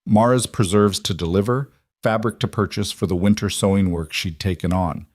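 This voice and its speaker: Here a man narrates a scripted tale, unhurried and soft-spoken. His pitch leans low, and the close, dry recording carries no trace of the room.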